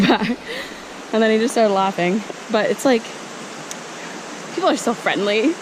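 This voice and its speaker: A woman's voice: mid-range voice, noisy background. A young woman chatting casually while hiking, giggly and self-deprecating, filmed on a handheld camera outdoors by flowing water. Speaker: vlogger.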